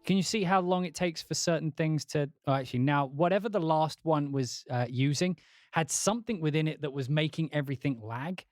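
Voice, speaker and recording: A man's voice: fairly high pitch, a little fast, a little mellow, no room sound, clean studio sound. A man casually talking through his music production on a livestream, rambling and thinking aloud, with casual swearing. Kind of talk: casual livestream talk while working.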